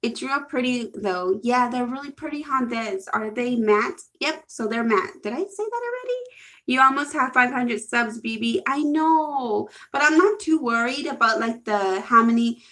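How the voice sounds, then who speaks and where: A young woman hosting a casual livestream, chatting excitably and reading viewer comments aloud. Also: on the high side, measured pace, hardly any pauses. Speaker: livestream host.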